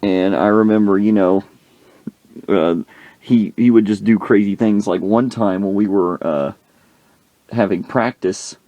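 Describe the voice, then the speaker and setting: A male podcast host telling a comic story from his own life in an animated, slangy way. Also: fairly low pitch, a little slow, pauses often, no echo, highs cut off.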